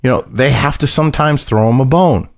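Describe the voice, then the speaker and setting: A man's voice: mid-range voice, a little fast, no echo, studio quality. A man hosting casual political commentary, mocking and profane, reading news aloud and reacting to it. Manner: mocking, profane, laughs at his own jokes.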